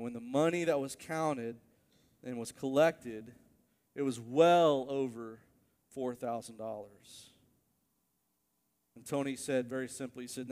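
A male pastor preaching a sermon, telling a story with animated build-ups to emphatic peaks. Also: medium pitch, clean tone, long reverb tail.

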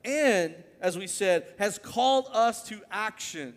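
A man preaching a sermon, his voice sitting a bit high for a man. He tells stories with lively build-ups that climb to emphatic peaks. A long reverb from the church hall trails after his words. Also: slow. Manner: animated storytelling, rising to emphatic peaks. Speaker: pastor.

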